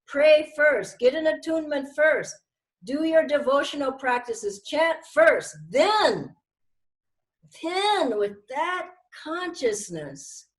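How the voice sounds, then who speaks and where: Older female spiritual teacher, high-pitched, lively storytelling sermon. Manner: storytelling, animated, dramatic shifts.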